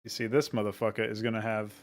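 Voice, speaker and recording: A man's voice: fairly low pitch, little pitch movement, fast talker. A man casually chatting with his viewers while modding a game, laid-back, laughing often and swearing offhandedly. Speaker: game modder streaming. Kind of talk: casual livestream chat.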